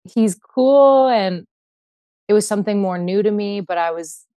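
A young Canadian woman chats casually as a podcast guest, packing her speech with "like." Her voice is medium-pitched, steady, and dark in tone, delivered at a normal speed in a dry recording.

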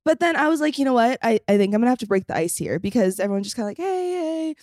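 A young woman, a podcast guest, chatting casually and telling an animated story, acting out quotes and laughing often. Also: medium pitch, racing, no echo, clean studio sound. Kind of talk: casual chat.

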